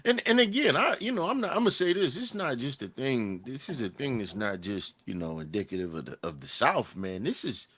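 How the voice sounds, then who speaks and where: Animated man on a casual podcast. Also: medium pitch, fairly quick, few pauses, breathy edge. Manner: animated, restarts sentences, leans on "man". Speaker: podcast host. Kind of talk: casual chat.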